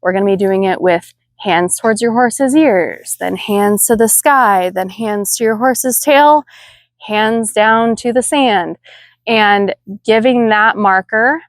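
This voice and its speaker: A woman at a middle pitch talks other riding instructors through her tips, steady and practical, counting cues out loud. The sound is dry, with almost no room around her. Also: takes it slowly, no room sound. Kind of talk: instructional video talk.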